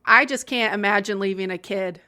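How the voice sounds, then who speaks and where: Woman, casual podcast chat, candid storyteller, laughs often, sharp bright voice. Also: mid-range voice, brisk. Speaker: podcast co-host.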